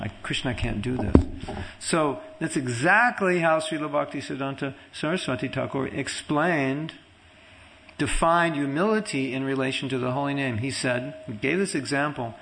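Man, devotional class teacher, gravelly voice, conversational storyteller, faint hiss under the talk. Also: medium pitch, rough recording. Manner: conversational, tells stories and quotes others; softly repeats a chanted mantra. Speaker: spiritual teacher giving a class.

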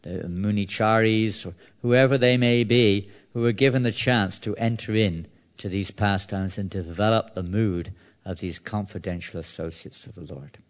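Male preacher, low voice; devotional sermon, conversational, loose phrasing. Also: fairly even intonation, normal speed. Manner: conversational, with frequent restarts and "you know". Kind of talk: devotional sermon with scripture reading.

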